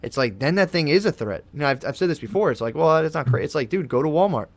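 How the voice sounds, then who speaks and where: A man with a rather high voice talks very animatedly and fast, recorded dry on a podcast studio mic. He's a podcast guest rambling in a laid-back, casual chat, swearing a lot and calling his host "dude."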